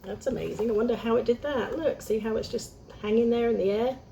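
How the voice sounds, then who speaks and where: A woman's voice: on the high side, fairly quick, vocal fry, mellow, a little hiss or hum. A young woman reading a picture book aloud, chatting to young listeners between lines. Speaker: storyteller.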